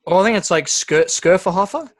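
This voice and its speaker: A man's voice: a little high, brisk, a bit bright. A man co-hosting a casual podcast, telling stories animatedly and swearing freely. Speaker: podcast co-host. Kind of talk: casual chat.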